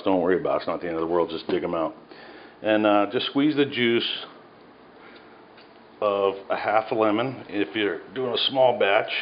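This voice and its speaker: A man cooking at home and talking casually, rambling with self-mocking jokes as he goes. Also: lowish voice. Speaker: home cook. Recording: dull sound, faint background noise.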